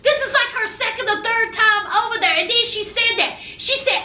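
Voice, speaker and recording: This woman's bright, pushed voice sits very high, moving at normal speed with few pauses. She's a bit off mic in a reverberant room, delivering a sassy, emphatic reality-show recap as casual TV commentary and repeatedly asking "okay?"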